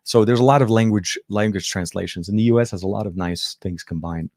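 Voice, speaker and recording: A man's voice: on the low side, a little fast, a little mellow, dry recording, clean studio sound. A man from Lebanon whose first language is Arabic, with an American accent and a faint Arabic trace, hosting a casual tech show chat full of fillers and restarts. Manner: rambling, filler-heavy, self-correcting.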